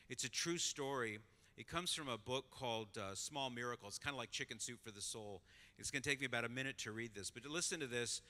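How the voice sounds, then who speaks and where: A middle-aged man tells a story to a conference crowd. His voice is very bright and forceful, and he plays out each scene with a lot of life. A long reverb from the large hall trails after his words. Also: medium pitch. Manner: animated storyteller, acts out voices. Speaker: conference speaker. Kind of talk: storytelling talk to an audience.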